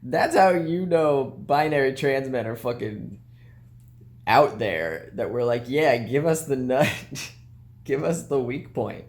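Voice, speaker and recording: A man's voice: medium pitch, expressive, slow pace. A tired young man in a hotel room, talking in a crude, joking vlog monologue and laughing often. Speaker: vlogger.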